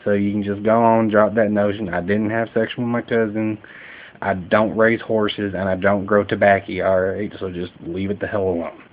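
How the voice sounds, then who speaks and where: A young man with a lowish voice talks in a loose, rambling way, full of ums and self-mocking jokes, lying in bed at night. The sound is thin and tinny, like an old webcam mic, with a faint hiss underneath. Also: flat delivery, normal speed. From Kentucky, USA. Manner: joking, self-deprecating, with many fillers. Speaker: vlogger. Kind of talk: casual rambling monologue.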